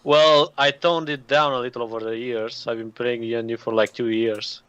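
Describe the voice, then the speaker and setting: A man's voice: mid-range voice, fairly even intonation, moderate pace, a bit bright, clear, resonant tone, no echo, muffled recording. Easygoing man with a light accent. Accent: light foreign accent. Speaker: player. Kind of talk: casual tabletop game chat.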